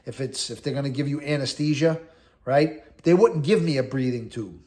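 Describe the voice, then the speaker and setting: With a mid-range, slightly mellow voice at normal speed, a middle-aged man from the Boston area recounts his prison days as host of a casual storytelling monologue. He wanders conversationally, talking bluntly and leaning on "like" and "you know."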